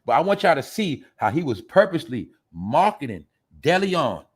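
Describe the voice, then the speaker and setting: Animated ranting man with a lively voice. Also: on the high side, moderate pace, husky. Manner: animated, ranting, talks straight to the chat. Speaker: commentary show host. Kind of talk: opinionated live-stream commentary.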